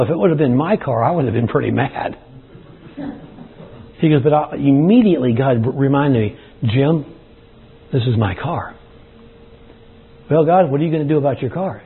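A man's voice: on the high side, slightly rough. A man preaching a sermon to his congregation, folksy and plain-spoken, addressing them as y'all, with a dry throat. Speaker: pastor. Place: church service. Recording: tinny phone-like sound.

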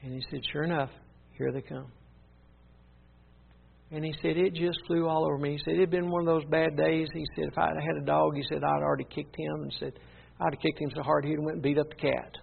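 A man's voice: fairly high pitch, flat delivery, a little fast, gravelly, husky. A man preaching, earnestly retelling a story and repeating "he said" as he goes. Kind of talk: sermon storytelling. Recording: tinny phone-like sound.

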